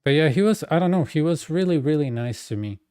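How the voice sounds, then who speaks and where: Mellow-voiced man. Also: fairly high pitch, expressive, fast talker, clear, resonant tone, no room sound, studio quality. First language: Spanish. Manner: rambling, full of fillers and asides. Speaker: game streamer. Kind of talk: casual storytelling chat.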